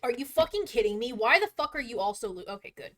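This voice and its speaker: A woman streaming a game live, talking loudly and exasperated, swearing a lot and laughing between outbursts. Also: fairly high pitch, very animated, fast. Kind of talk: live gameplay commentary.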